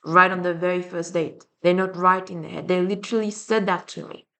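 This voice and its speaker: Her lowish, fairly bright voice holds steady as she talks fairly quickly. The young adult vlogger, whose accent blends French and Slavic, rants to camera in a blunt, rambling way, cursing a lot.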